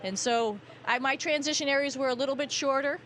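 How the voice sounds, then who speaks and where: A woman astronaut with a Boston accent, chatting in a relaxed way with many fillers during a live interview from the space station. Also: high voice, a little fast, slight background noise. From New England, USA. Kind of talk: live downlink interview answers.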